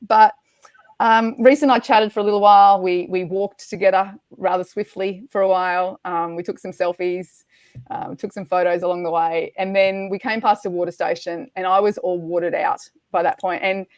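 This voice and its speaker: A middle-aged woman, a podcast guest, telling a race story in a lively, animated way and acting out the quotes. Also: lowish voice, normal speed, no room sound. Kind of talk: storytelling in casual chat.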